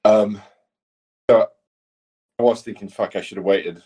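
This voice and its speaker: Husky man, sweary chat. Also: lowish voice, steady tone, unhurried, warm tone. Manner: sweary, rambling storytelling. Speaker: podcast co-host. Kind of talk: casual chat.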